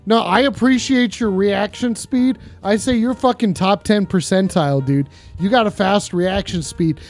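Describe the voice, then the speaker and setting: A man hosting a live call-in show, excitable and giggly, fumbling his words as he talks. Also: sits high, normal speed, soft background music. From Canada. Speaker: host.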